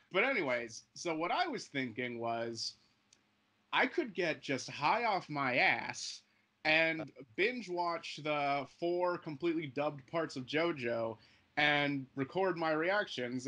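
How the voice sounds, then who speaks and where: Rambling young man with a higher voice. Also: slow. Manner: rambling, deadpan, self-interrupting. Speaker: channel co-host. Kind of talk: casual podcast chat.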